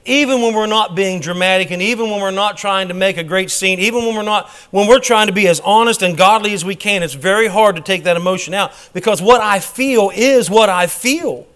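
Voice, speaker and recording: A man teaching a church Bible class in a preaching style, emphatic and dropping quick humorous asides. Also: sits high, a bit bright, clear, resonant tone.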